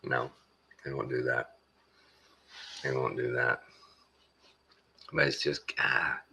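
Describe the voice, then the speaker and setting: A man with a Texan accent talking casually to his viewers, meandering along with lots of pauses and folksy phrasing. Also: a bass voice, sharp tone. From Texas. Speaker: vlogger. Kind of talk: casual rambling monologue.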